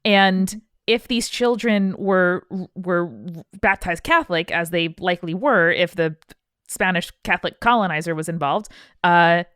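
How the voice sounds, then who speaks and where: A woman's voice: fairly low pitch, measured pace, fairly bright tone, clear, resonant tone, no room sound, clean studio sound. A woman co-hosting a podcast, speaking in an outspoken, indignant, irreverent way. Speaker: podcast host. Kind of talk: casual podcast chat.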